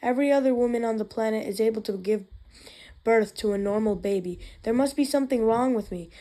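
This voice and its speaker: A woman's voice: fairly high pitch, a little fast, warm tone, lightly acted. A woman reading the lines of a worried expectant mother in a plain read-aloud voice. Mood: distraught. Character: worried expectant mother, tender then tearful.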